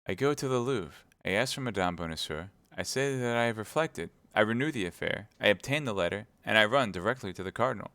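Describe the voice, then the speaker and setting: A man's voice: lowish voice, expressive, quick pace, few pauses, a bit bright, smooth, no echo, voice pushed up. A man reading a classic novel aloud, voicing a scheming middle-aged mercer who speaks in an eager, self-satisfied way.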